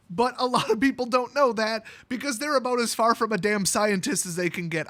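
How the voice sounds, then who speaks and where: Male channel host, bright and high-pitched, blunt sarcastic ranter. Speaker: YouTube host. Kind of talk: ranting monologue.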